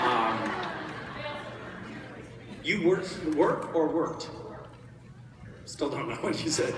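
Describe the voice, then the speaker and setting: A man joking with fans in a casual Q&A, teasing and deadpan. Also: mid-range voice, heavy background noise. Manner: teasing, playful, deadpan jokes. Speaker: convention panel guest. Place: large convention hall. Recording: echoey convention hall, distant mic, loud crowd.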